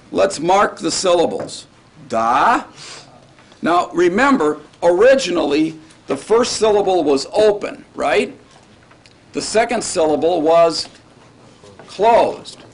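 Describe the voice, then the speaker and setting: A man lecturing on Hebrew grammar to a class, in a casual way, often checking in with his students. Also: sits high.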